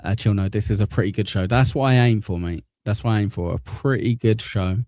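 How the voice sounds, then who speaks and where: Speaking fast in a lowish, darkish voice, a man runs a casual livestream news show, joking, reading out viewer comments, and dropping crude insults. The recording is dry. He uses a desk microphone positioned in front of a green screen.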